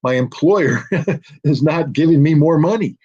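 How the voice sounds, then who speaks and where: A man's voice: on the high side, measured pace, mellow, breathy edge. Emphatic, sardonic American man on dull audio. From United States. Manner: emphatic and sardonic, mocking quoted officials. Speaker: guest. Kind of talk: political commentary interview.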